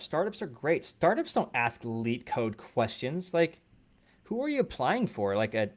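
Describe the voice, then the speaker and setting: A man hosting a coding livestream, answering viewer questions in a loose, conversational way with blunt advice and plenty of fillers. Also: on the high side. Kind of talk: casual livestream Q&A, reading chat questions. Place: indoor studio room.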